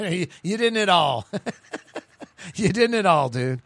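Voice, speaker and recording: A man's voice: fairly high pitch, very animated, moderate pace, long pauses, fairly bright tone, no room sound. New Orleans-accented male radio host, rambling and chatty, dry close sound. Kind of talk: casual radio talk.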